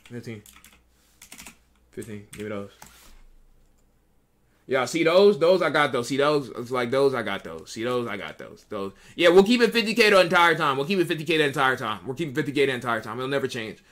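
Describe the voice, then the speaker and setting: A man's voice: mid-range voice, big pitch swings, fairly quick, a bit bright. A young adult man streaming live, giving casual, profane commentary and repeating himself a lot as he talks to his chat.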